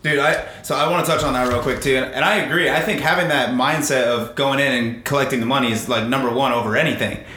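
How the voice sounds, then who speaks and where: Quick, bright-voiced man in an echoey room. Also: medium pitch, fairly even intonation, a little hiss or hum. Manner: quick, agreeable interjections. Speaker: podcast co-host. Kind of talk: casual chat.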